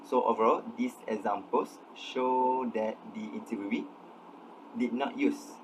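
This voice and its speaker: A man's voice: medium pitch, fairly even intonation, a little slow, background noise. A young man, a student, reading a scripted class presentation and explaining examples step by step in a methodical way. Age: young adult.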